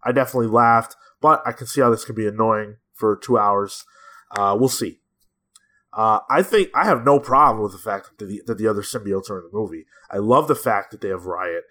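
A man co-hosting a casual podcast chat, giving measured opinions with frequent fillers. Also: on the low side, pushed and bright. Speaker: podcast co-host.

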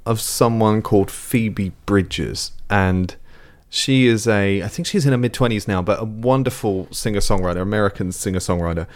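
A man's voice: lowish voice, moderate pace, few pauses. Rambling young man reviewing music. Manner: rambling, thoughtful, swears casually. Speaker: music podcast co-host. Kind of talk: casual music review chat.

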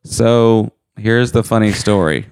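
A man's voice: on the low side, takes it slowly, a little mellow, clear, resonant tone, faint music behind. A man co-hosting a podcast, chatting casually and telling goofy, self-mocking stories. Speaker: podcast co-host. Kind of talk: casual chat.

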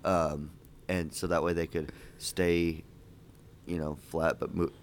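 A man co-hosting a casual movie podcast, joking around and rambling with halting fillers. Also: low voice, flat delivery, slight background noise. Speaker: podcast co-host.

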